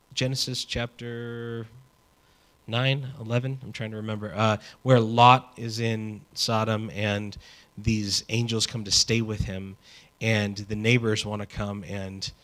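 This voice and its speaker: A man preaching a sermon in a conversational, animated way, with casual asides. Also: lowish voice, slow pace. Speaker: pastor.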